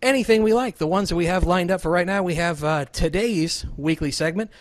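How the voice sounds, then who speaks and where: A man's voice: high-pitched, fairly quick, dry recording. A man hosting his podcast in a casual, joking, rambling, self-deprecating chat with a remote co-host. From Southern Illinois. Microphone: remote call setup.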